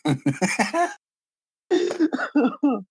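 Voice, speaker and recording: A man's voice: extremely high pitch, wildly swooping pitch, extremely slow, slight background noise. A young man co-hosting a podcast in casual banter, rambling through stories and laughing at his own jokes into a close mic. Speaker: podcast co-host.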